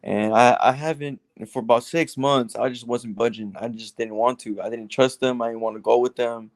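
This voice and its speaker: A man's voice: medium pitch, steady tone, normal speed, dry recording. A man calling in for advice, telling a long story with many restarts. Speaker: caller seeking advice. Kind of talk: casual phone conversation.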